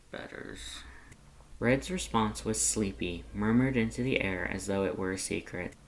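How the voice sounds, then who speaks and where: A man with a fairly low voice reads a fan story aloud in a gentle, unhurried manner. A faint hiss of background noise sits beneath his narration. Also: rough recording. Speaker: fanfiction reader.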